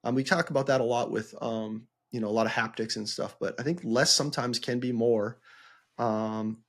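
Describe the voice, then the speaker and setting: Man, podcast co-host, casual chat, rambling, mid pitch. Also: steady tone, normal speed, a bit bright. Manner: rambling, many fillers and restarts.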